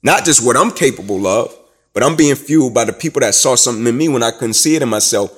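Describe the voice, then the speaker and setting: A man from Atlanta tells his story in an interview. He speaks emphatically, like a preacher, and builds to loud, rising climaxes. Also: medium pitch, lively intonation, fast talker, slightly rough. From Atlanta, USA. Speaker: guest, former student.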